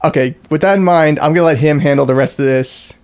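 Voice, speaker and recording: Deadpan halting man. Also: on the high side, clear, resonant tone. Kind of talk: improvised comedy sketch.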